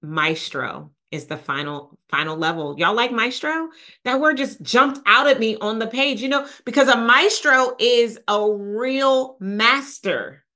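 A woman hosting a podcast, thinking aloud and talking excitedly to listeners as a business coach. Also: fairly high pitch, unhurried. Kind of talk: live-thinking podcast monologue.

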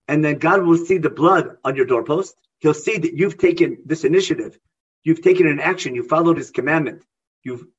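A man teaches a Bible class. He reads Hebrew verses aloud and then explains each one with firm emphasis. His voice sits fairly high and sounds husky, and the recording is dull and lo-fi. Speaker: Torah teacher.

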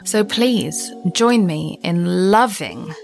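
A woman's voice: on the low side, very animated, slow, vocal fry, darkish tone, soft background music. A woman hosting a podcast, chatting casually, blunt and jokey, swearing freely. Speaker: podcast host.

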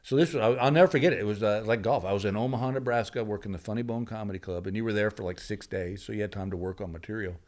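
A man's voice: fairly low pitch, very fast, hardly any pauses. A man from Texas, a stand-up comedian guest telling anecdotes in a studio and acting out the people in his stories. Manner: animated storyteller who acts out the people in his stories. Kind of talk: anecdotal storytelling.

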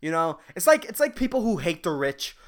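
A man's voice: on the high side, sing-song, a little fast, a bit bright. Profane rambling man hosting a podcast. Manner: profane, rambling, laughs at own jokes. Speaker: podcast host. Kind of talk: casual solo podcast rant.

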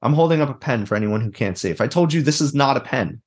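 A man's voice: medium pitch, lively intonation, fast talker, a little mellow, breathy edge. A man talking bluntly and animatedly as a guest in a casual interview, swearing freely. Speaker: guest, therapist and mindset coach.

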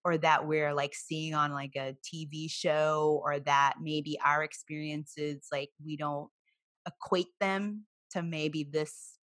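Low, bright-toned woman podcast co-host. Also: steady tone, slow, dry recording. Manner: storytelling, emphatic, laughs easily. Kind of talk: casual chat.

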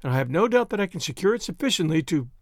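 A man reading the lines of a calm, capable woman doctor in a storybook, speaking in a soothing, measured way. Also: sits high, no echo, clean studio sound, full character voice.

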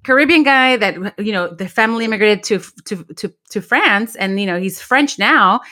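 A woman with a bright, forceful voice co-hosting a podcast. She tells stories animatedly and mixes in the odd Spanish phrase. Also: medium pitch, normal speed. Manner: animated storyteller, acts out quotes, mixes Spanish. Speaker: podcast co-host. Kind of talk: casual chat.

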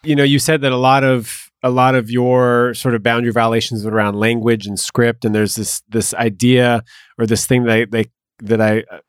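A man's voice: mid-range voice, little pitch movement, moderate pace, clear, resonant tone, no echo. Reflective man host, dry sound. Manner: reflective, searching for words. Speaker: podcast host. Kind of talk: podcast conversation.

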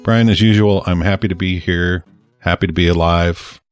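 A man's voice: low-pitched, fairly even intonation, moderate pace, clean tone, faint music behind. A man co-hosting a podcast in casual chat, easygoing and upbeat, often giving short agreeing replies. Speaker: podcast co-host.

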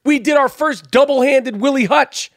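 A man's voice: very high voice, moderate pace, dry recording, studio quality. A man hosting a podcast, telling stories in casual chat, heated and full of swearing. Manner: profane, heated storytelling. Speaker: podcast host.

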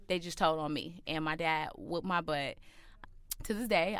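A woman's voice: lowish voice, normal speed, smooth, no room sound. A woman telling a personal story to an audience, acting out the voices of the people in it. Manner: animated, acts out quoted voices.

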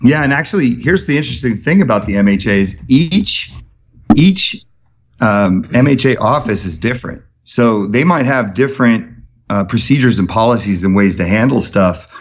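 A man's voice: medium pitch, expressive, moderate pace, highs cut off. A man talking as a podcast guest, telling stories with energy and many restarts. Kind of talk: casual interview talk.

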